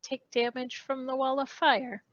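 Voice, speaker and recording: A man taking his turn in a live tabletop game, talking hesitantly with many pauses. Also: extremely high pitch, flat delivery, fairly bright tone, no echo, dull audio, pitched above the performer's own voice. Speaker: player. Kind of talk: casual game table talk.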